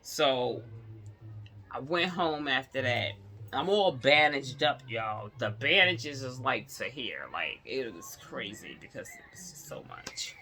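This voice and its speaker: A woman vlogger telling a personal story to her viewers in a casual, animated way, laughing often. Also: a bass voice, slow.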